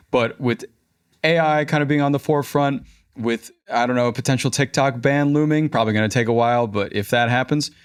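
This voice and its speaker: A man's voice: medium pitch, clear, resonant tone. A man hosting a business podcast, asking questions and closing the show in a friendly, upbeat way. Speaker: podcast host. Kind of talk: interview and show outro.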